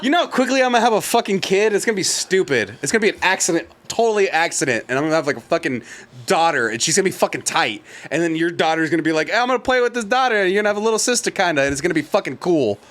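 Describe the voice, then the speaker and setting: A man's voice: on the high side, lively intonation, rapid-fire, fairly bright tone. A man co-hosting a podcast in casual, joking chat, swearing freely and steering the talk. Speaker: podcast co-host.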